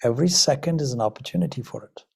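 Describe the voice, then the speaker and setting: A man's voice: medium pitch, very fast, gravelly, a little mellow, breathy edge. A man from Zimbabwe, a Vedanta swami, giving a reflective spiritual talk full of rhetorical questions. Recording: Ireland talk.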